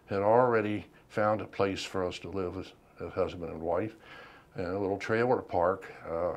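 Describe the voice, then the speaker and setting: Low-voiced older man, slow and reflective. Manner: unhurried, reflective, many ums and pauses. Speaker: veteran interviewee. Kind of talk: oral history interview.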